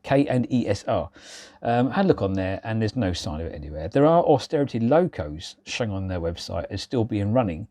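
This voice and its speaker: A man in his forties talks casually to his viewers in a mellow, darker voice, teasing himself and wandering between thoughts with plenty of ums. The sound is dry and close, with little room around it. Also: fairly low pitch, lively intonation, a little fast, no echo. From England. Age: 40s. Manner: rambling, self-mocking, many fillers. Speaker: railway vlogger. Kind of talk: casual chat to camera.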